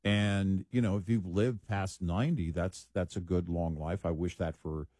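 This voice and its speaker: A man co-hosting a talk show, speaking in a measured, deliberate way. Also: sits low, steady tone, dark tone, no room sound. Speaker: co-host. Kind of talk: casual talk show commentary.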